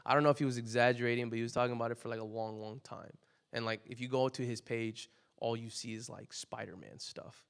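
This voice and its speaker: A young man preaching a casual, conversational sermon, full of "like" fillers, that builds to loud emphatic peaks. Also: medium pitch, steady tone, fast, vocal fry, smooth.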